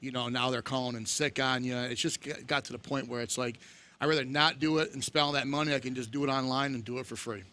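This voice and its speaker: A man's voice: medium pitch, fast. A middle-aged man from Central New York, telling rambling stories in a casual chat and acting out the quotes. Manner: animated, rambling storyteller who acts out quotes. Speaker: guest.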